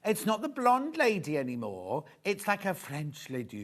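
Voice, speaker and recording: Lively, chatty man selling fabric. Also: high-pitched, normal speed. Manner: chatty, rambling, gossipy asides. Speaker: shopping channel presenter. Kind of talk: live TV selling chat. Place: TV studio.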